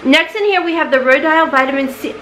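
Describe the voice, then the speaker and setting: A woman's voice: quick pace, fairly bright tone, a little hiss or hum, low-quality recording. A woman, chatting casually through a beauty box unboxing and easily distracted. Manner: chatty, easily distracted, coos at her cat in a high voice. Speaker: beauty vlogger.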